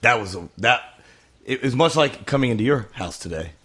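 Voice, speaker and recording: A man's voice: medium pitch, expressive, a little fast, bright, forceful tone, slightly rough. A man appearing as a podcast guest, telling easygoing anecdotes in casual chat.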